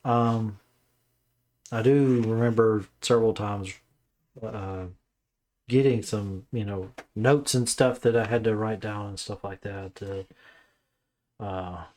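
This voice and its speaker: A man's voice: lowish voice, fairly even intonation, slow pace, long pauses, darkish tone. A man casually reviewing a book, reading the blurb aloud with stumbles, then rambling with many fillers and restarts while sounding mentally tired.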